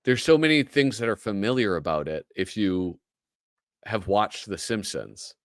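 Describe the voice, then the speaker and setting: A man's voice: fairly low pitch, animated, normal speed, dry recording, studio quality. A man with a Midwestern American accent, hosting a casual livestream, chatty and joking as he reads aloud. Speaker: host.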